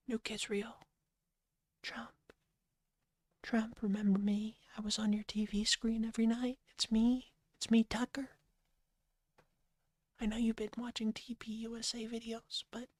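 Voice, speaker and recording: Lady doing a sly little shoulder devil, whispered role-play, high breathy coaxing, begging over and over. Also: darkish tone, no room sound. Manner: coaxing, pleading, insistent. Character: a sly male shoulder devil, tempting and wheedling.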